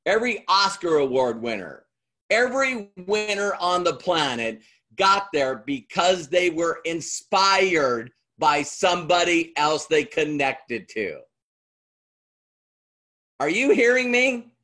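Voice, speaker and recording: Brief: middle-aged man, motivational speaker, slow deliberate delivery, fairly high voice. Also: sing-song, bright, forceful tone. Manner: emphatic, repeats lines, quizzes audience. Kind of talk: motivational stage talk.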